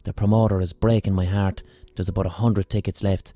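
A man's voice: low-pitched, flat delivery, brisk, mellow. Irish man, swearing casual podcast storyteller. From Ireland. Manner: rambling, profane, self-mocking. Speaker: podcast host.

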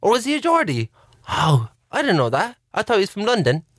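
A man's voice: sits high, huge pitch swings, fairly quick, a bit bright, no echo, clean studio sound. A man co-hosting a casual podcast, rambling and giggling often as he talks. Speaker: podcast co-host. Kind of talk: casual chat.

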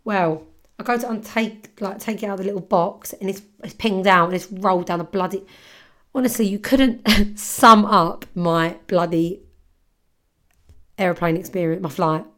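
A woman's voice: medium pitch, a bit bright. A young woman hosts her podcast alone and tells a story in loose, chatty speech. She swears freely and leans on filler words, with the easy pace of someone talking to friends. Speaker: podcast host. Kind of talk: casual storytelling monologue.

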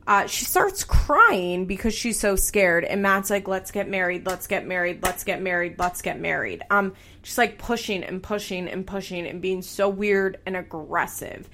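Chatty young woman gossiping, full of likes. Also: mid-range voice. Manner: animated, swears freely, heavy use of like. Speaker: commentator recapping a reality show. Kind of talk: casual chatty recap.

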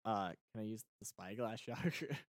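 A man's voice: fairly low pitch, moderate pace, no room sound. A man playing a tabletop game, describing his character's actions in a matter-of-fact way. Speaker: player. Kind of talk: casual play chat.

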